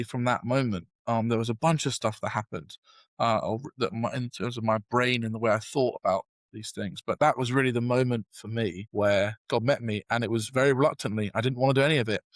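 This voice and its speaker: A man's voice: medium pitch, steady tone, brisk, dry recording. A young British man with a casual, self-deprecating manner, telling a long story in a podcast interview, full of fillers and restarts. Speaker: guest.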